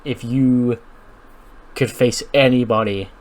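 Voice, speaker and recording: A scheming male wrestler coaxing his friend in a slow, drawn-out way, voiced by a man. His voice sits at an ordinary male pitch. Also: fairly even intonation, a little mellow, lightly acted, poor audio. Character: scheming male pro wrestler whispering advice.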